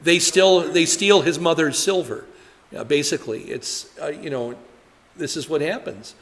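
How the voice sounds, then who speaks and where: A man's voice: a little high, normal speed, fairly bright tone, big-room sound. A male pastor teaches a Bible study in a loose, conversational way. He asks his listeners questions, uses lots of fillers, and speaks in a slightly raised register. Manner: chatty, rhetorical questions, frequent fillers.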